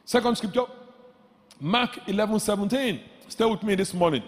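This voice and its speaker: A male pastor delivers a sermon with a high voice, hammering phrases again and again and pushing up into shouts. His voice rings out with a long reverb that fills a church hall. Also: very animated, normal speed. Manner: emphatic, repeats phrases, rises to shouts.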